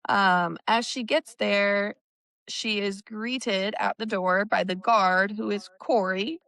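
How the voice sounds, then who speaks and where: A woman co-hosting a book discussion podcast, recapping chapters in an unhurried way with plenty of fillers. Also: medium pitch, steady tone, fairly bright tone. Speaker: podcast co-host.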